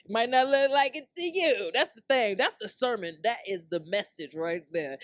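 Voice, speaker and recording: A woman's voice: a little high, expressive, moderate pace, few pauses, no room sound. Laughing woman podcaster in a dry room. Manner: loose, joking, slangy and laughing often. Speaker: podcast host. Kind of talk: casual solo rant.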